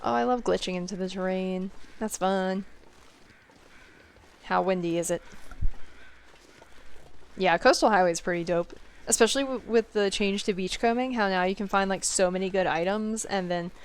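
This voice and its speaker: A woman's voice: medium pitch, moderate pace, long pauses, clean tone. A woman from the Southern US, with a faint Southern accent, chatting casually with viewers while streaming a game, giggling and saying "like" a lot. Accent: Southern US, mostly suppressed. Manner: chatty, giggly, answers chat, many "like" fillers. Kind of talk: casual gameplay chat with viewers.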